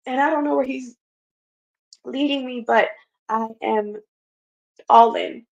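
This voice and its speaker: A woman's voice: high voice, takes it slowly, gravelly. A woman hosting a Bible study, teaching earnestly and repeating her phrases. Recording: dull lo-fi recording.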